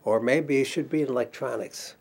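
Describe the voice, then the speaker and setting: A man's voice: medium pitch, a little fast, creaky, a little mellow, slightly rough. Older man telling career stories. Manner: reminiscing storyteller acting out dialogue, chuckling. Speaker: interviewee recalling career as counselor. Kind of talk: oral history interview.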